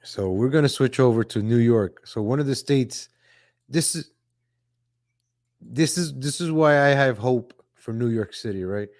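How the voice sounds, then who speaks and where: A man hosting a casual political commentary livestream, talking in a chatty, repetitive way, greeting viewers from the chat and often saying "ladies and gentlemen". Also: medium pitch, measured pace, no echo, clean studio sound. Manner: reads viewer chat names aloud. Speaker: livestream host.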